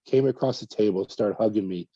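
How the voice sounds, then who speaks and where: Middle-aged guy from california telling his story, dark husky voice, acts out what people said, kinda muffled dry audio. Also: lowish voice, brisk, no echo. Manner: animated retelling with quoted dialogue, repeats words. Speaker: whistleblower guest. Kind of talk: conversational storytelling interview.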